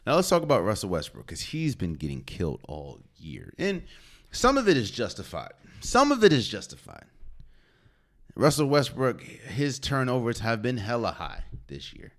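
A man's voice: mid-range voice, wildly swooping pitch, moderate pace. A man hosting a solo sports podcast, talking casually and opinionated, with slang and rhetorical questions. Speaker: podcast host.

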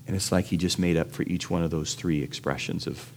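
A man delivering a sermon in a low voice. He preaches conversationally and checks in with his listeners as he goes. He brings his stories to life by jumping into the voices of the people in them. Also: brisk, vocal fry, a little hiss or hum. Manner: animated storytelling, acts out quoted voices with big pitch jumps; conversational, asks the audience questions. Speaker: pastor.

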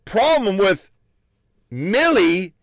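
Blunt, profane veteran man, high voice. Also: big pitch swings, very slow, gravelly, a bit bright, no room sound. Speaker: army veteran recounting stories. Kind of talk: profane casual storytelling.

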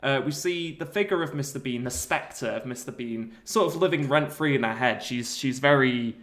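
A podcast co-host rambles through a made-up film plot, laughing often as the casual comedic chat goes on. His mid-range voice is a bit bright and moves at a normal speed.

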